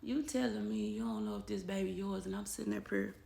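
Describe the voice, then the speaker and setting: Gravelly-voiced woman telling her own story. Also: mid-range voice, sing-song, fast, dark tone. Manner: blunt and emotional, quotes others in dialogue. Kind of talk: personal storytelling vlog. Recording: echoey room with faint background noise.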